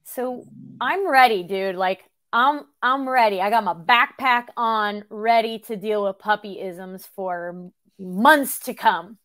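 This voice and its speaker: A middle-aged woman hosting a podcast, telling a story in an animated, chatty way and laughing often. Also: mid-range voice, takes it slowly. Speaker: podcast host. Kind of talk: casual conversation.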